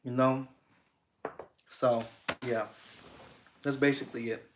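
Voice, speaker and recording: A young American man hosts a livestream, reading comments and chatting with viewers in a laid-back, rambling way, full of restarts, fillers and casual swearing. His medium-pitched voice barely moves, he talks slowly, and there's background noise.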